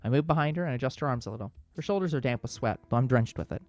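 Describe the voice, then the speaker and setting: Guy reading visual novel narration fast, medium voice, faint music under. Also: mid-range voice, no echo. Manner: quick, steady storybook reading with small slips. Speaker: let's play host reading the story.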